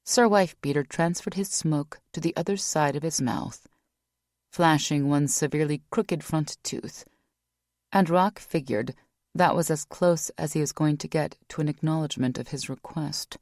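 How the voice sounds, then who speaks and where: A woman narrating an audiobook in a wry, measured storytelling manner. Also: low voice, a little mellow, no echo, studio quality. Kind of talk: scripted narration.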